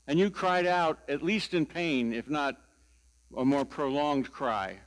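An older pastor, his voice a little high, preaches a sermon and tells stories in a slow, deliberate way with wry humor.

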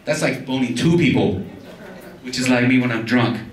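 A man's voice: mid-range voice, normal speed, some chatter behind. A young man doing a crude stand-up comedy set in a club, laughing through his own jokes. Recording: echoey club, distant mic, noisy.

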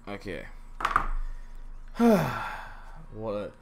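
A young man streaming a game live, chatting casually and breaking into loud, swearing, exasperated outbursts. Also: on the low side, wildly swooping pitch, drawn-out words, creaky. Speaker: gaming livestreamer. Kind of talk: live gameplay commentary.

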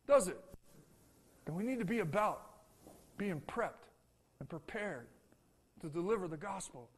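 A man preaching a sermon in a church, folksy and repetitive, swinging between loud calls and soft, hushed lines and asking for an "Amen". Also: high-pitched, big pitch swings, moderate pace, pauses often, breathy edge. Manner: folksy, repeats phrases, asks the congregation "Amen?". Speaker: pastor.

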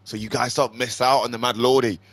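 A man commenting on his own game, flipping between shouted swearing and low muttering to calm himself. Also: a little fast, dry recording. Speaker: gaming streamer. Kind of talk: casual gameplay commentary.

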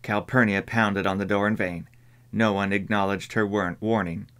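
A man reading an audiobook in measured scripted narration. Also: on the low side, clean tone. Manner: measured, even storytelling.

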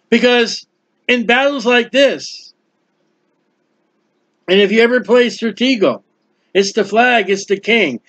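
A man preaching a Bible sermon, high-pitched and animated as he acts out the characters. The recording sounds dull and lo-fi. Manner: animated, acts out biblical characters, quotes scripture.

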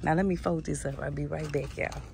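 A woman's voice: deep voice, steady tone, fairly quick, gravelly, darkish tone, slight background noise. A woman chatting through a store walkthrough, talking to viewers as "y'all" and "baby" while reading out prices, recorded on a handheld phone. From Southern United States. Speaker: shopping vlogger. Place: inside a retail store.

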